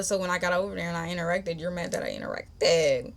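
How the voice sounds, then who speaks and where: Casting: young woman, podcast host, casual storytime, animated and slangy, mid-pitched voice. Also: fast, hardly any pauses. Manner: chatty, animated, slangy, addresses listeners as y'all.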